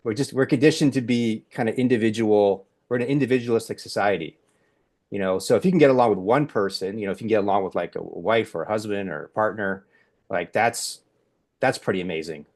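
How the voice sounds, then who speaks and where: Low-voiced man talking in circles. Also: brisk, darkish tone. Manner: rambling, many restarts and fillers. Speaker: podcast host. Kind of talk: casual group discussion.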